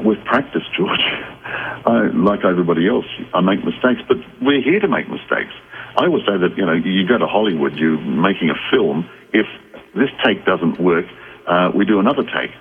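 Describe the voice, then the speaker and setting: A man who is a psychic guest on a radio call-in show, explaining in a measured, reflective way with restarts. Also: low voice, animated. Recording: tinny phone line with faint noise.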